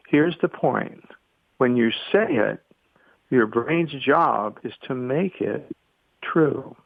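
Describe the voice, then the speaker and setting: Older male guest speaker, very gravelly, lively storyteller, dry tinny phone line. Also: medium pitch, slow pace, no echo. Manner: lively storyteller, acts out quotes. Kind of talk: podcast interview storytelling.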